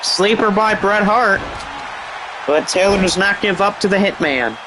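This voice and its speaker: A man giving excited, rambling play-by-play commentary over a wrestling game, with chatty asides. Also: high voice, measured pace, background noise.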